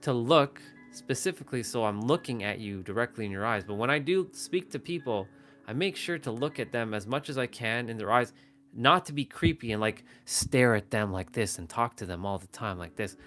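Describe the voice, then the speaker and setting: A man's voice: medium pitch, animated, moderate pace, a bit bright, soft background music. A man hosting a live stream, talking casually and rambling with many restarts, speaking to the camera. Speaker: livestream host. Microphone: phone or webcam, facing camera.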